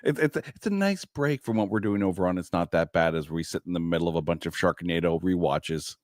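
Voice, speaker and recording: A man's voice: sits low, expressive, brisk, darkish tone, dry recording, studio quality. A man guesting on a movie podcast, talking enthusiastically and stumbling over repeated words as he explains his thoughts. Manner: enthusiastic, stammers on restarts. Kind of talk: casual podcast chat.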